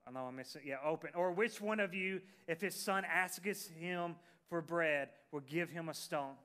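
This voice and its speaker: Bright-voiced man preaching casually. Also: fairly high pitch, normal speed. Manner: conversational preaching with fillers, restarts and folksy phrasing. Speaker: pastor. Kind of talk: sermon.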